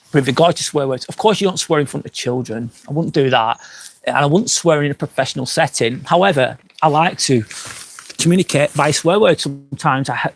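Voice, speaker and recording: An English man runs a casual outdoor live stream beside a fire pit, tipsy from wine. With a medium-pitched voice and vocal fry, he rambles through chat comments, swearing a lot and quickly apologizing.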